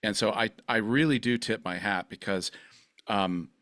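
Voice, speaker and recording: Guy hosting a podcast, rambles and gushes a lot, lowish voice, dry close sound. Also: moderate pace, a bit bright, dry recording. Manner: effusive, rambling, gushing with praise. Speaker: podcast host. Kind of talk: casual interview chat.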